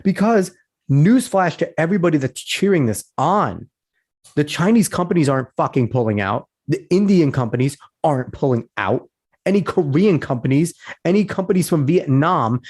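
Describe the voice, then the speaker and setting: A man's voice: fairly high pitch, expressive, normal speed, a little mellow. A man hosting a podcast, reading a news article aloud and breaking off into blunt, profane, sarcastic commentary. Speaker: podcast host.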